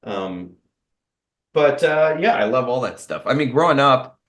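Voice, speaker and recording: Here the martial arts guest sounds medium-pitched, animated, and fairly bright, speaking a little slowly. He's candid and rambling in this casual interview, full of fillers and restarts.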